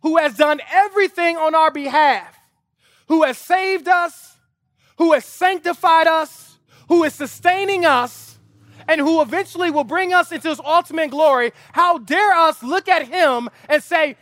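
An extremely high-pitched male pastor delivers an unhurried sermon with a fairly bright tone at an outdoor lawn service. Through vivid storytelling about his family, he works up to impassioned appeals marked by emphatic repetition. The audio is studio quality, without any room sound.

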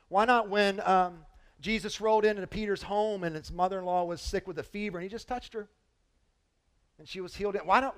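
A man preaching a sermon as pastor, animated and full of rhetorical questions, reading scripture aloud to his congregation. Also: sits high.

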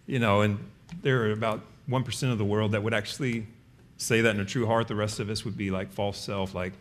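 A man's voice: lowish voice, flat delivery, fairly quick. A man preaching a sermon in an earnest, conversational way, now and then slipping into short comic voices to act out a point. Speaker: pastor.

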